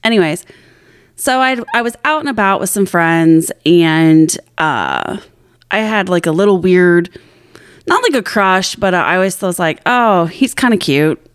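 A woman's voice: fairly low pitch, unhurried, clear, resonant tone, no echo, clean studio sound. A woman co-hosting a podcast, telling a long, rambling story in casual chat with a lot of swearing and self-mockery. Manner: rambling, profane, self-deprecating. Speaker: podcast co-host.

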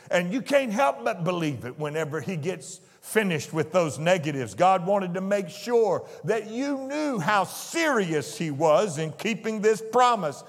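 High-voiced guy preaching, slow and emphatic, big echoey church hall sound. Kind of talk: sermon.

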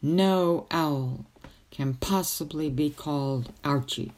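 A woman's voice: sits low, takes it slowly, a little mellow. A woman voicing an old male wizard tutor who lectures kindly but sternly in a storybook reading. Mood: lecturing.

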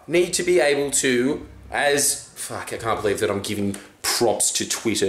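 A man's voice: mid-range voice, lively intonation, moderate pace, hardly any pauses, reverberant. A young man, a stand-up comedian, talking in a brash, swearing, casual monologue. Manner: brash, swearing, acts out quoted voices. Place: room with green backdrop.

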